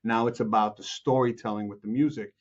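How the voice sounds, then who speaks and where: Animated storytelling man, dull lo-fi sound. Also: on the low side, fairly quick. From Chicago, USA. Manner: lively, acts out quotes, frequent restarts and laughs. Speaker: music producer and film composer, guest.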